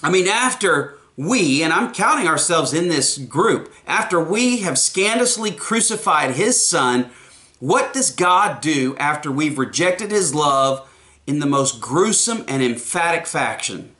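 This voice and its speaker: A man's voice: on the high side, animated, a little slow, pushed and bright. A man preaching a sermon, earnest, often repeating the first words of a phrase.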